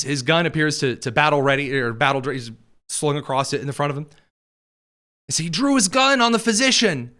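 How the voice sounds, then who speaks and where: A man hosting a political commentary show, mocking and sarcastic as he reacts to clips. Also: high-pitched. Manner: sarcastic and mocking, lively delivery.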